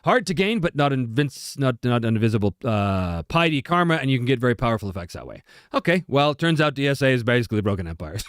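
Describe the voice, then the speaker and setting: Guy streaming, chatty and animated, dry close sound, laughs a lot. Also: medium pitch, no echo. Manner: lively storyteller who laughs easily. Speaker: voice actor and streamer host. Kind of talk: casual livestream chat.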